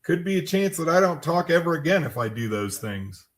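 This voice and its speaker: A man's voice: on the high side, very animated, brisk, a bit bright. A man co-hosting a podcast, chatting casually and making fun of himself. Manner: joking, self-mocking. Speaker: podcast co-host. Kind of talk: casual chat.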